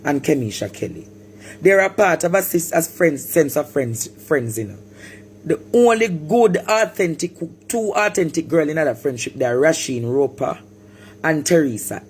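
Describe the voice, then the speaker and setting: A man from Jamaica with a Jamaican accent, ranting animatedly on a live stream, repeating words and bursting into shouts. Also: fairly high pitch, slight background noise. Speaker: social media personality.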